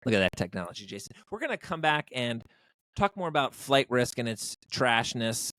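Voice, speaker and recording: A man's voice: medium pitch, sing-song, moderate pace, bright, forceful tone, no echo. A man co-hosting a podcast, chatting casually about movies in a rambling, jokey way with lots of fillers. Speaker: podcast co-host. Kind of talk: casual movie review chat.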